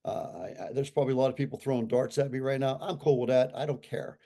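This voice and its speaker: A man in his sixties, a guest on an interview, who talks in an animated and emphatic way and repeats his points for effect. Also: medium pitch, quick pace, vocal fry. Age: 60s. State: recovering from a stroke. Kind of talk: casual conversational talk.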